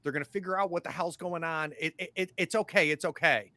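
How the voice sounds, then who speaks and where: A man's voice: on the high side, quick pace, bright, forceful tone, no room sound, voice pushed up. A man voicing an anxious young woman who pleads with her father, flustered and stammering. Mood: pleading.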